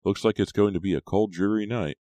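A man's voice: lowish voice, steady tone, brisk, warm tone, no echo, voice pushed up, close to an everyday voice. A man reading an audiobook, voicing a jokey but stern adult male camping advisor with a hearty, bossy manner. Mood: jovial.

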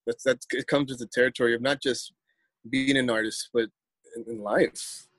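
A man's voice: medium pitch, steady tone, moderate pace, fairly bright tone, no room sound. A man, a poet telling a story in a casual interview, rambling and repeating words as he acts out quotes.

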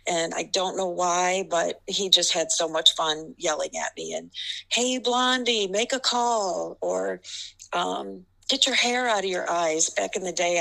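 A woman's voice: on the low side, gravelly, bright, forceful tone, poor audio. Laughing woman referee telling a story. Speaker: basketball referee guest. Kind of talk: casual storytelling.

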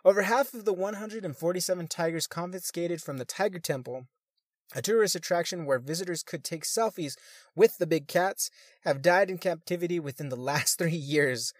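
A man's voice: on the high side, moderate pace, no echo, studio quality. A man reading news articles aloud and adding crude, swearing comments between them, sometimes stumbling over words.

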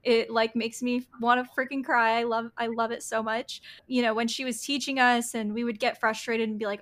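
A woman's voice: on the high side, little pitch movement, normal speed, few pauses, fairly bright tone. A young adult woman hosting a podcast, gushing and peppering her speech with "like". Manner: gushing, heavy use of filler "like". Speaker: podcast host. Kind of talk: casual podcast conversation.

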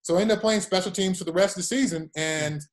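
A man's voice: high-pitched, fast. A man in his forties, a former football player, telling stories in an interview and acting out quotes. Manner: animated anecdotes with acted-out quotes. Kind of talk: storytelling interview.

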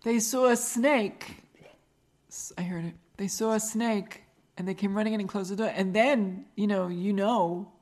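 A woman's voice: lowish voice, darkish tone. A middle-aged woman with a regional American accent, hosting a podcast and telling stories in casual chat, laughing often. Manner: chatty storyteller, laughs often. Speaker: podcast host.

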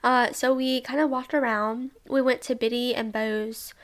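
A young woman from Alabama, a travel vlogger, casually recaps a trip with her sisters, bubbly and full of "like" and little laughs. Her voice is on the high side and a bit bright, with a steady tone at normal speed.

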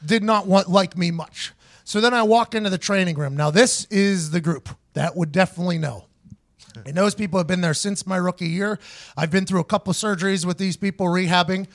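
A man with a high, brisk voice hosts a podcast and tells a story casually. He's animated, acts out other people's voices, and swears freely.

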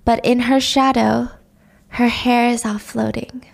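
A chatty woman telling a drama's story in a casual, offhand way, dropping in swear words. Her voice sits a bit high. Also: flat delivery, unhurried, vocal fry.

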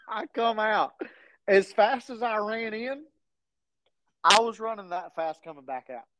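A man's voice: sits high, slow pace, long pauses, bright, forceful tone, dry recording. A man telling a story as a podcast co-host, often laughing as he talks. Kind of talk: casual storytelling chat. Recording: dull lo-fi sound.

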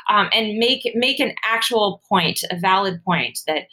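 Woman, interview guest, animated storytelling, frequent laughs, filler words. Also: mid-range voice, measured pace. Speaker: guest, former pro cyclist and author. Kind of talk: casual interview conversation.

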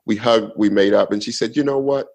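Male comedian guest, low husky gravelly voice, relaxed storyteller who plays out the other characters. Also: a little fast, poor audio. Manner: laid-back storyteller, acts out other people's lines. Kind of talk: casual storytelling on a podcast.

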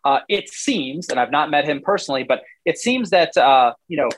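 A man's voice: a little high, expressive, moderate pace. A man in his forties, a former player now analyzing football in casual talk, rambling animatedly and acting out what coaches would say.

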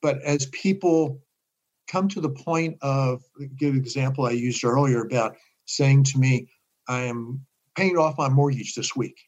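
Older man, animated storyteller. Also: mid-range voice, a little slow, poor audio. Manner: animated storyteller, acts out quoted voices. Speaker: guest. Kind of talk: casual interview talk.

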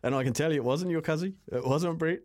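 Cheerful New Zealand radio host. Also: male voice, fairly high pitch, fast talker, a little mellow. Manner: friendly, laughs easily with callers. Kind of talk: talkback radio chat.

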